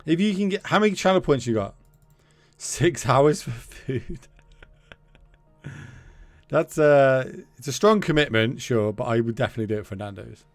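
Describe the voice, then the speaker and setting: A man's voice: mid-range voice, animated, a little fast, dry recording, soft background music. A man streaming a card game, chatting casually with his viewers, joking and swearing.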